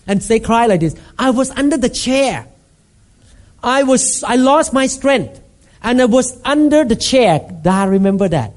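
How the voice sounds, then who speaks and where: A man preaching a sermon as a pastor, emphatic and repetitive, acting out scenes with sudden shouts. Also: very high-pitched, animated, a little slow. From Thailand.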